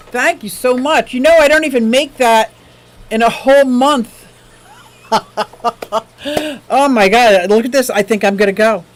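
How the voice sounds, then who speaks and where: Woman, aquarium-channel stream host; casual, gushing, quick to laugh while reading tips. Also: fairly high pitch, low-quality recording. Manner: gushing, excitable, laughs often.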